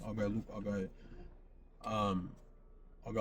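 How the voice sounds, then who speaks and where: A man's voice: low voice, steady tone, a little slow, creaky, pauses often, background noise. A man hosting a podcast, telling a personal story in casual speech, often quoting himself and repeating phrases. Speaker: podcast host.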